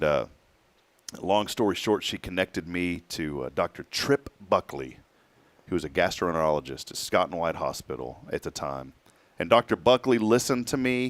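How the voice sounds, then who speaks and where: A man in his forties telling a personal story in casual talk-show chat, animated and acting out what others said. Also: fairly low pitch, dry recording. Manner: animated storyteller who acts out quoted speech.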